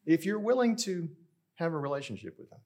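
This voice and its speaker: Middle-aged pastor telling a story. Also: male voice, a little high, sing-song, brisk, a little mellow. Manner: conversational storytelling, addressing the congregation directly. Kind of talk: sermon.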